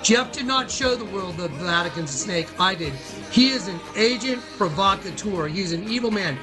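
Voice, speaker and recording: A man's voice: high-pitched, expressive, moderate pace, music in the background. A man hosting a livestream, ranting in an agitated, accusatory way and repeating himself. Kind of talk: heated livestream rant.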